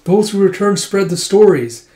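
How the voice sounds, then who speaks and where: A man's voice: sits high, animated, moderate pace, mellow, pitched above the performer's own voice. A man voicing an earnest grown male retainer from a comic, reading his lines in a slightly raised voice in an echoey room.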